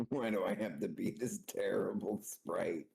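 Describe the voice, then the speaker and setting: A man co-hosting a webcomic read-along stream, dry and low-key in casual chat. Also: unhurried, creaky, a little mellow, poor audio. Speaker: co-host streamer.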